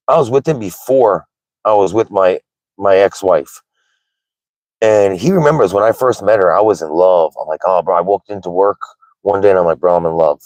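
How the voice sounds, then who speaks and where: A man's voice: fairly low pitch, darkish tone, dry recording, rough recording. A man in his thirties hosting a casual livestream chat, candid and rambling, with lots of "like" and "right?". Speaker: livestream host.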